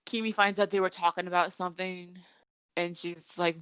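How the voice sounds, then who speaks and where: This podcast host, a young woman, gives an animated, giggly recap of an anime episode in casual conversation. Her lowish voice has little pitch movement and normal speed, sounding a bit bright, clear, and resonant, with no room sound, though the audio itself is dull and lo-fi.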